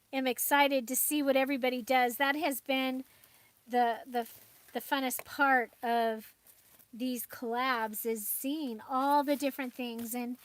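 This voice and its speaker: Chatty high-voiced woman crafting host. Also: fairly bright tone. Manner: chatty, rambling, with frequent fillers and laughs. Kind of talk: casual livestream chat.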